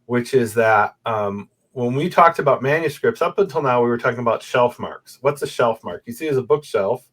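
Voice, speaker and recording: A man's voice: mid-range voice, moderate pace, hardly any pauses. A man explaining his research as a guest scholar in a conversation, speaking over a video call and often checking in with "right?". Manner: animated, explains step by step with frequent "right?" checks. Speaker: guest, Bible manuscript scholar. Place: room with a bookshelf photo backdrop.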